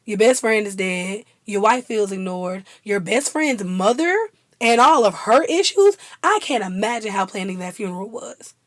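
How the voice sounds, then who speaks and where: A woman's voice: mid-range voice, expressive, normal speed, a bit bright, no echo. A young woman chatting casually and laughing often as a vlogger. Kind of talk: casual chat.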